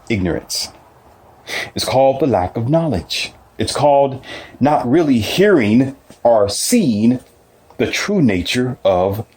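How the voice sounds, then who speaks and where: A man's voice: fairly low pitch, a little mellow. A man giving a casual, preachy motivational monologue, full of rhetorical questions.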